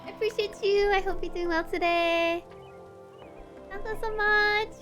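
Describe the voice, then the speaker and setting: A woman's voice: extremely high pitch, steady tone, a little slow, music in the background. Bubbly woman streamer thanking viewers. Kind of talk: casual livestream chat.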